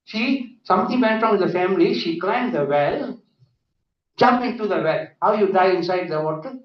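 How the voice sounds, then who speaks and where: A man giving a lively conference lecture full of anecdotes, often asking "isn't it?". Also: high voice, normal speed. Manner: animated, often adds 'isn't it?'. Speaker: conference speaker. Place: conference hall. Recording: echoey hall, distant dull mic.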